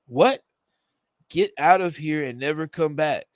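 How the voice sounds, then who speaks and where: A woman urgently warns a girl to flee and never return, as a man reads her part aloud. The pitch is slightly raised. The recording is dry and close. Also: measured pace, no room sound, close to an everyday voice. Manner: reading aloud from a comic page.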